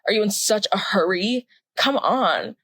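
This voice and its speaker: A woman's voice: medium pitch, unhurried, breathy edge, no echo. A young woman from the American South, co-hosting a podcast, ranting casually and sarcastically with frequent swearing. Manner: animated, sarcastic, swears freely. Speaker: podcast co-host. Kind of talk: casual rant. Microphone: podcast mic.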